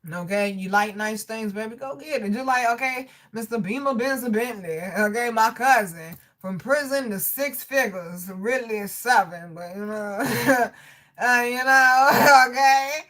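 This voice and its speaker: A woman hosting a casual livestream, talking straight to her viewers in a loud, profane, animated way with frequent laughter. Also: fairly high pitch, measured pace. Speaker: livestream host reading chat.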